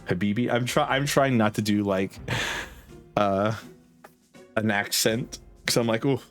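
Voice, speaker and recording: A man's voice: fairly low pitch, a little slow, soft background music. A man streaming a game, chatting in a rambling, playful way with many restarts. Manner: rambling, self-correcting, playful. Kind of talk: casual gameplay commentary.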